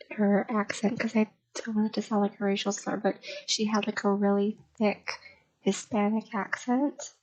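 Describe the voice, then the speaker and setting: A young woman streamer rambles casually in ASMR style, speaking softly and drifting into whispers, with a slight stutter. Her pitch is medium, and the audio is dull with no echo.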